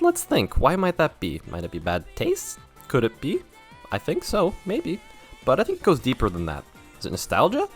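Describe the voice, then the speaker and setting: A young man narrates a scripted game review with a lowish voice that swings up and down in animated bursts. His delivery is sarcastic and self-mocking, full of wry asides. Light music sits faintly underneath. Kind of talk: scripted video essay commentary.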